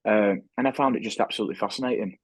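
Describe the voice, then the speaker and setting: A man's voice: lowish voice, racing, slightly rough, dry recording. A man speaking as a podcast guest and author, talking earnestly and often restarting his sentences. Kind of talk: reflective interview talk.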